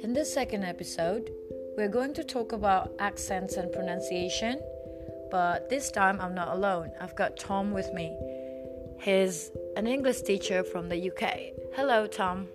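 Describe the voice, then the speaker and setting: A woman hosting a podcast, who introduces her guest and asks him clearly phrased, prepared questions. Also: medium pitch, unhurried, over loud music. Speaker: podcast host.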